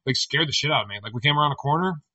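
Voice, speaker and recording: A man's voice: a little high, animated, rapid-fire, pushed and bright, husky, far from the mic, muffled recording. A man co-hosting a podcast, telling a story in loose casual chat, rambling and swearing freely. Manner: rambling, swears freely, retells with quoted voices. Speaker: podcast co-host.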